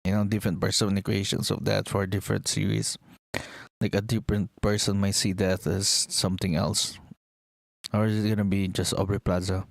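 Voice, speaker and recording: Rambling gravelly young man. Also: on the low side, little pitch movement, a little fast, no echo. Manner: rambling, enthusiastic, swears casually. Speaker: vlogger. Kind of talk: casual chat.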